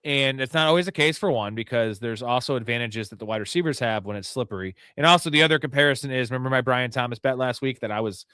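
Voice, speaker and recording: A man's voice: mid-range voice, quick pace, few pauses, bright, forceful tone, clean tone, no room sound, clean studio sound. A tipsy man hosting a live fantasy football show, rambling, joking and swearing as he talks through the chat. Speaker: host.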